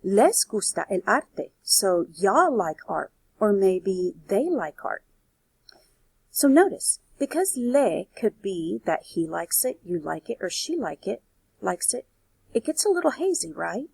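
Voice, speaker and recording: A woman's voice: mid-range voice, very animated, unhurried, gravelly, husky, no echo. A woman teaching a Spanish grammar lesson on video, explaining step by step and checking in with "okay" and "right".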